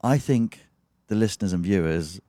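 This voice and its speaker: A man from England co-hosting a podcast, telling stories in an animated way and laughing often. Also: low voice, normal speed, dry recording, clean studio sound. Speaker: podcast co-host. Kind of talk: casual chat. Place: their home.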